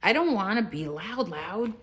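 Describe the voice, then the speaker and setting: A woman's voice: medium pitch, expressive, a little slow. A young mother encouraging her toddlers at the table at home, cheerful and sing-song, sometimes dropping to a whisper. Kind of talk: casual home video with children.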